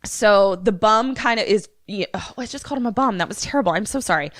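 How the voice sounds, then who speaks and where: A woman co-hosting a podcast, casually retelling a movie plot with swearing and animated character voices. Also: mid-range voice, quick pace, no room sound, studio quality. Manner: animated storyteller, acting out characters' lines. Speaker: podcast co-host.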